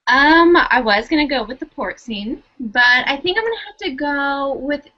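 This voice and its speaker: Earnest woman with bright voice. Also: high voice, expressive, normal speed. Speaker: podcast co-host. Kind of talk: casual fan discussion. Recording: muffled lo-fi audio.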